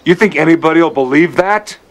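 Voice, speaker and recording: A man's voice: sits low, brisk, natural voice, rough recording. An actor playing a defiant young man held captive in a 1990s TV western, who answers in short, curt lines. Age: young adult. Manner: terse, curt, defiant replies.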